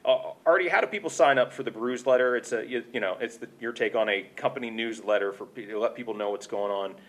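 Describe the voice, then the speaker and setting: A man's voice: medium pitch, quick pace, fairly bright tone. A man hosting a company podcast, chatty and joking, rambling a little as he moves between topics. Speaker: podcast host. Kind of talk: casual chat.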